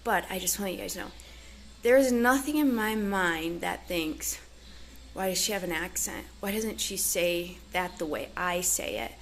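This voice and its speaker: A woman's voice: on the low side, moderate pace, a little hiss or hum. A woman vlogging casually on her ranch, talking earnestly and chattily with lots of fillers. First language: English. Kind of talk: casual chat to camera. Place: ranch in Mexico.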